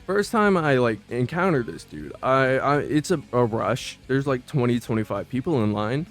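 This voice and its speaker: Dude ranting thru work stories, lots of cussing n slang, mid voice, faint music behind. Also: male voice, medium pitch, moderate pace, hardly any pauses. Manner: profane, slangy, animated, stammers on restarts. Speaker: vlogger recounting old job. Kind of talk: casual storytelling. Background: faint background music.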